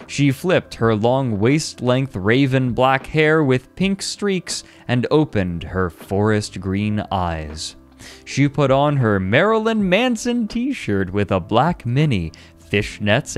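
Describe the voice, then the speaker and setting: Slow, lively-voiced man reading aloud. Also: mid-range voice. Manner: mock-dramatic, breaks into laughter. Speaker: streamer. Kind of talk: comedic dramatic reading on stream.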